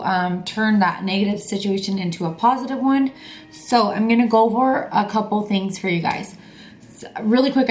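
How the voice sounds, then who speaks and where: A woman in her thirties, a mother, talking casually to camera in a vlog, chatty and upbeat with lots of "um" and "like". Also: mid-range voice. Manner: chatty, upbeat, many fillers like "um" and "like". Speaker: vlogger and mother. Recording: echoey with faint crowd and noise.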